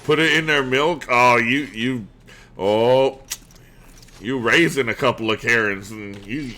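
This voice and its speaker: A man streaming a game live, chatting casually in a loud, profane, joking way. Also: mid-range voice, takes it slowly. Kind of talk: casual livestream chat while gaming.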